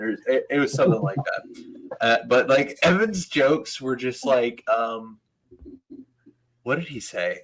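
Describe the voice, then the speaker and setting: A man's voice: medium pitch, lively intonation, unhurried, rough recording. A man hosting a casual chat, telling stories and laughing often as he talks. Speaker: podcast host.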